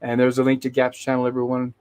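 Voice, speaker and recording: A man hosts a casual livestream, reading viewer chat aloud and greeting each person by name, often hesitating, restarting and correcting himself. His medium-pitched voice is monotone yet clear and resonant, darkish in tone and quick.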